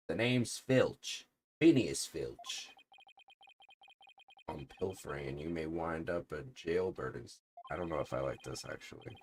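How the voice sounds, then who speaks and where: A man voicing a theatrical, sly male pickpocket in a game, in a melodramatic, drawn-out way. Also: low-pitched, darkish tone, slight background noise.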